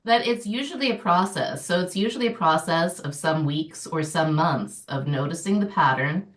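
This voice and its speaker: Middle-aged woman, lowish voice, podcast guest, lively and laughing, roomy off-mic sound. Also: moderate pace, recorded from a distance. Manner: animated, laughing often, lively storytelling. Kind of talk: casual podcast conversation.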